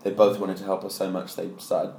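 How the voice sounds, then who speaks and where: A man's voice: deep voice, completely flat delivery, a little fast, gravelly, a little mellow, a little hiss or hum. A man co-hosting a casual podcast chat, teasing his friends and retelling stories with put-on voices. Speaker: podcast co-host. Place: home studio. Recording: roomy echo.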